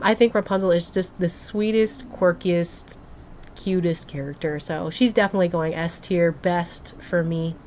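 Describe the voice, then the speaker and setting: This game streamer is a young woman whose voice sits on the low side, with slight background noise behind her. She chats casually with her live chat, bubbly and gushing, leaning hard on "like" as a filler.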